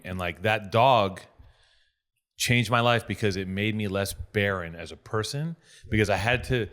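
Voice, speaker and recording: A man hosting a podcast in casual chat, telling stories animatedly and swearing freely. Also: fairly low pitch. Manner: profane, animated storytelling with acted-out quotes. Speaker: podcast host.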